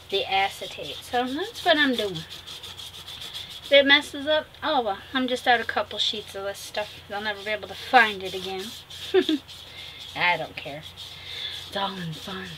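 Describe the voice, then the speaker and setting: Chatty woman vlogging a craft project. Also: medium pitch. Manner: chatty, talks fondly to viewers and laughs at herself. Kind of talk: casual craft tutorial chat. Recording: noticeable background noise.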